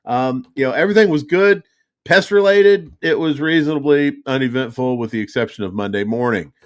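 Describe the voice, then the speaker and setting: A man's voice: mid-range voice, a little fast. A middle-aged man hosting a podcast, telling stories in casual, profane chat with frequent laughs. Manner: profane, animated storytelling with laughs. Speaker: podcast host.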